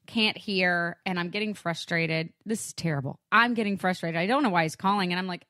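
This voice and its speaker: A woman co-hosting a podcast, telling a story in casual chat, lively and acting out what she said. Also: lowish voice, quick pace, few pauses, no echo, studio quality. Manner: lively, animated storyteller acting out her own lines. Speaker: podcast co-host.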